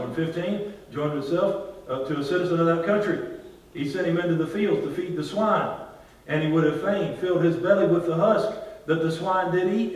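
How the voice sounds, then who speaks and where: A man preaching a sermon as pastor, drawing responses from the congregation and swinging between loud and hushed delivery. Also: a little high. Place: large church hall. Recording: very echoey church hall, from far off.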